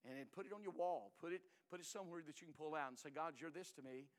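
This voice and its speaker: An older man preaching a sermon in a folksy, emphatic way, swinging between loud and hushed. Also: on the high side, fast talker, long reverb tail.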